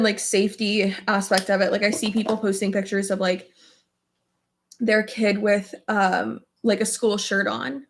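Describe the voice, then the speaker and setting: A woman's voice: medium pitch, gravelly. A young woman chats through a get-ready-with-me video at home, her speech looping through fillers and casual swearing. She sounds open and emotional, laughing easily and sometimes close to tears. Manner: emotional, tearful at times, laughs often. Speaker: beauty vlogger. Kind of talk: casual chat while doing makeup.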